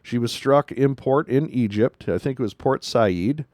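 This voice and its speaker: A man's voice: mid-range voice, measured pace, a little mellow, no echo, clean studio sound. A man hosting a news commentary show. He talks emphatically and repeats his points for stress. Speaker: show host.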